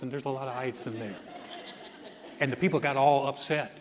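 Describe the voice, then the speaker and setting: A man's voice: medium pitch, steady tone, brisk, pauses often. A male pastor preaching a sermon, dramatic as he acts out the voices he quotes. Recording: long reverb of a large hall.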